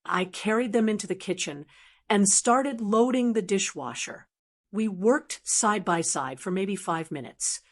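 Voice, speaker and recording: A woman in her sixties narrating a first-person family story in a measured, steady way. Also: medium pitch.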